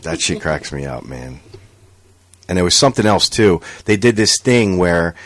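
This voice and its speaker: A young podcast co-host with a low voice chats casually at a moderate pace, with no echo. He animatedly retells a funny story, acting out what others said and swearing freely.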